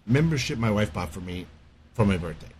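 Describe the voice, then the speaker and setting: Profane, animated middle-aged man ranting. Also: on the low side, a little fast, slight background noise. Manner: profane, animated storytelling rant. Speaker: podcast co-host. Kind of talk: casual chat.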